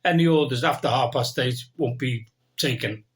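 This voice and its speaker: A man tells a tour anecdote in a plain, unhurried manner. He acts out each person's lines in the conversation. His pitch sits in the middle of the range. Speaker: band member telling a tour story. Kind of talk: anecdote telling.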